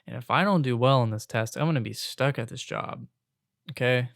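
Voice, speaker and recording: A man's voice: medium pitch, fairly quick, vocal fry, no room sound, clean studio sound. A young man hosting a podcast solo, venting in an exasperated, casual rant with some swearing. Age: young adult. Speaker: podcast host.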